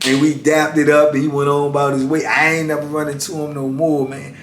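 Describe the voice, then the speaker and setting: A middle-aged man telling prison stories in a casual, colloquial way, often saying "man" and swinging between loud and hushed. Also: level tone, brisk. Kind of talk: casual storytelling. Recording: echoey room, mic at a distance, faint rumble.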